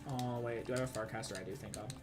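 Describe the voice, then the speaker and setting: A man's voice: medium pitch, steady tone, rapid-fire. A man from the Southern United States with a Southern accent, chatting casually and cursing a lot while streaming a game, rambling and laughing. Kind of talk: casual gaming stream chat.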